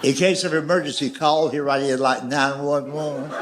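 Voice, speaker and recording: A middle-aged man telling stand-up stories in a slow, folksy way. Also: on the high side, fairly even intonation, very noisy. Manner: slow, drawling storyteller with folksy grammar. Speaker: stand-up comedian. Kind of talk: stand-up storytelling. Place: comedy stage with audience laughter.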